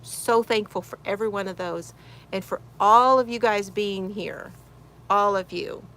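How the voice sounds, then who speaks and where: Speaking a little slowly, with a medium pitch and a slightly bright quality, a woman hosts a laid-back crochet livestream from her she shed. She greets viewers by name, reads chat comments aloud, and laughs often.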